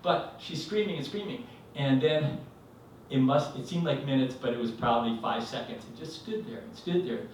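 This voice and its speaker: A man's voice: medium pitch, moderate pace, slight background noise. Rambling man telling a story on stage. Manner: rambling, animated, acts out quotes. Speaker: storyteller at a live event. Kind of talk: live storytelling. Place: live event venue, indoors. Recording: echoey hall, mic from a distance.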